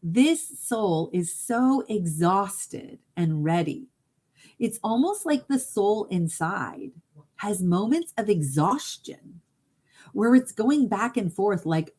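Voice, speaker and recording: A woman's voice: medium pitch, very animated, takes it slowly, darkish tone, breathy edge. A woman hypnotherapist hosting a casual live talk, speaking earnestly and straight to her viewers, with easy laughs between thoughts. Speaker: hypnotherapist and livestream host.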